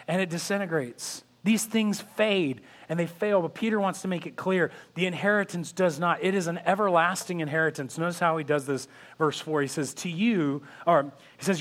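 Animated man preaching a sermon. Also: high voice. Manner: animated storytelling with acted-out quotes. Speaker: pastor. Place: church sanctuary.

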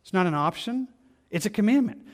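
This American pastor has a high, animated voice, and his relaxed sermon features quick little impressions of the excuses people give.

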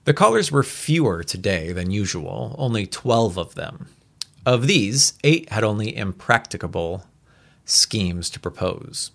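A man casually reading an old story aloud, re-reading stumbles and adding quick asides. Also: fairly low pitch, lively intonation, gravelly, a bit bright. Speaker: reader.

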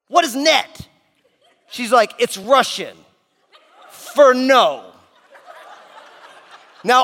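A middle-aged male pastor giving a sermon, telling a story with quick asides to the congregation. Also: sits high, fairly bright tone. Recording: long hall reverb.

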